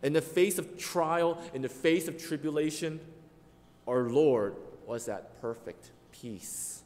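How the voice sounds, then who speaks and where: A man's voice: medium pitch, darkish tone. A man preaching a sermon as pastor, earnest and emphatic, leaning hard on key words. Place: church sanctuary. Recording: long reverb of a church hall.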